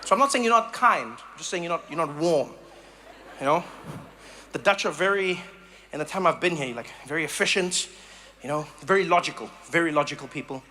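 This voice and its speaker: A man from Africa, doing animated live stand-up comedy and storytelling. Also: a little high, brisk, slight background noise. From South Africa. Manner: animated storytelling, acts out voices.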